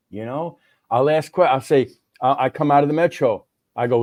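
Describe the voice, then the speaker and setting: A man's voice: medium pitch, normal speed, a little mellow, dry recording. A man from New York, a guest and English teacher, chatting casually on a livestream. He acts out little conversations and often restarts his sentences. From New York, USA.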